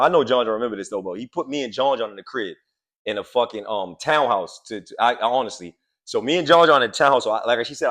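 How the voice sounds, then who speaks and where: Late 30s guy on his podcast, cussing, acting out quotes, pitch jumps all over. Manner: animated, profane, acts out quotes. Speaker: podcast co-host. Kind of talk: casual storytelling chat.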